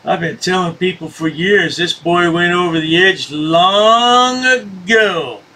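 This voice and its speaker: Slow, bright-voiced mocking male commentator. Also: high voice. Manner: sarcastic, taunting. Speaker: commentary channel host. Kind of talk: mocking commentary over clips.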